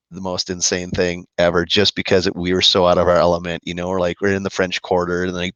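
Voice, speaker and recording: A man co-hosting a casual live-stream chat, talking in a friendly, rambling way with many halting restarts. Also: low voice, fairly bright tone, no room sound. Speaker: co-host of a musicians' live chat. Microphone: video call. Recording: dull lo-fi stream audio.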